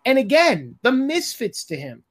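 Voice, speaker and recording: A man's voice: very high voice, wildly swooping pitch, a little slow. A man, a film director, talking candidly in an interview, blunt and exasperated, swearing freely and acting out the conversations he recounts. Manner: acts out quoted exchanges.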